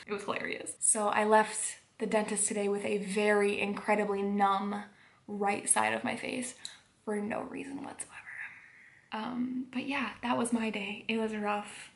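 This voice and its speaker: Young woman vlogger, casual and rambling, notable vocal fry, mid pitch. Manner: rambling, frequent fillers like "like". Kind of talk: casual storytelling vlog. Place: home at bedtime.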